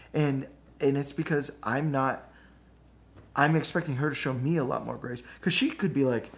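Gravelly man telling a candid story. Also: mid-range voice, normal speed. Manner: candid, self-deprecating storyteller with many fillers. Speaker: pastor. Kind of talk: casual conversation.

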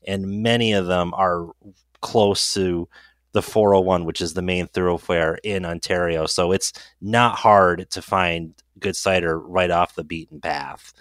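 Deep-voiced man guest, dry sound. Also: fairly bright tone, no room sound. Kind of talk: casual interview talk.

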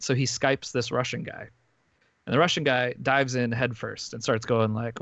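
A man in casual podcast chat, talking through a story in loose, filler-heavy runs and restarting his sentences often. His voice sits at an ordinary pitch. The sound is dry and a little muffled. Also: moderate pace, a bit bright, dry recording. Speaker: podcast host recapping a documentary.

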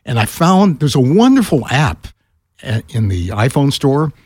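Older man, retired broadcaster. Lively storyteller with a slightly raspy voice, recorded dry. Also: measured pace, dry recording. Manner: animated, acts out quoted voices with pitch jumps. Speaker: podcast guest, retired radio broadcaster. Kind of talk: casual storytelling.

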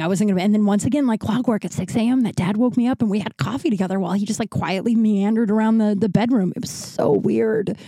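A woman's voice: a little high, a little mellow, dry recording. A woman hosting a podcast, telling stories in a candid, rambling, profane way with restarts. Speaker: podcast host. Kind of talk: casual storytelling monologue.

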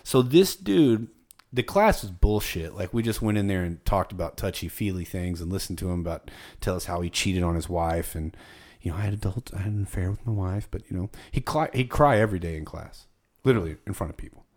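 A man's voice: low-pitched, expressive, brisk, a little mellow. Foul-mouthed man telling a heated story. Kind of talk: casual podcast chat.

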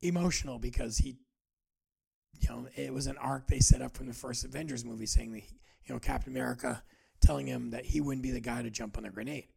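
A man in his forties hosting a podcast, talking earnestly and haltingly about his own feelings, often restarting his sentences. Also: mid-range voice, fairly even intonation, creaky, mellow, slightly rough. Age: 40s. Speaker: podcast host. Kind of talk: personal reflective monologue.

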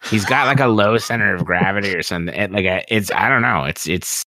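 A man's voice: lowish voice, quick pace, sharp tone, no echo. A man playing a tabletop game, rambling and joking. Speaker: player. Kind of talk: tabletop role-play.

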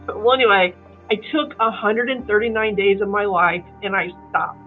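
A middle-aged woman from the Kansas City area telling her story in a casual interview, animated and full of fillers, acting out other people's voices. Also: mid-range voice, normal speed. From Kansas City area, USA. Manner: animated, acts out quoted voices, many fillers. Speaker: guest. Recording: tinny phone-like line with faint music.

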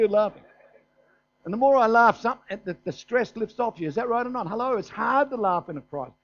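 A man's voice: sits high, lively intonation, brisk. An older man with an Australian accent, preaching a sermon in a folksy storytelling way, often asking "is that right?". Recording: dull, muffled sermon recording.

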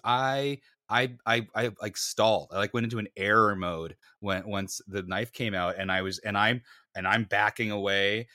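A man with a fairly low voice tells a story in a casual chat and acts out the people in it. He pokes fun at himself. His voice is close and dry, with no room sound. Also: moderate pace, no echo. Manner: animated, acts out voices in anecdotes, self-mocking. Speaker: podcast co-host.

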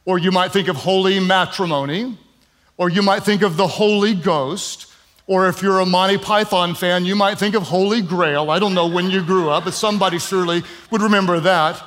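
Male pastor, high voice, emphatic sermon with light humor and casual fillers. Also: normal speed, a bit bright. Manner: emphatic repetition with humorous asides; conversational, with frequent "um" fillers.

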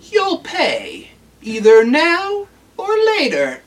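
A man's voice: huge pitch swings, slow pace, recorded from a distance, crowd noise, exaggerated voice. A man putting on a crotchety old space-trader villain. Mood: menacing. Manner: high, quavering, theatrical threats. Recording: voice a bit off-mic.

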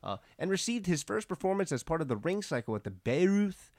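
A young man chats casually on a podcast, recapping an anime episode with slang and frequent laughter. His voice sits a little high and swings widely in pitch. The sound is dry and close. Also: big pitch swings, a little fast, a little mellow, dry recording. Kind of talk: casual chat.

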